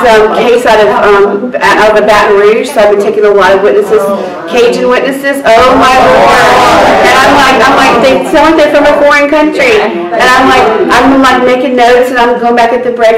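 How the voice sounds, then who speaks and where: Woman court reporter, lively story mode, laughs a lot, far off mic in an echoey room with chatter. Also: a little high. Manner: animated storyteller, laughs often. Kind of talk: casual group chat.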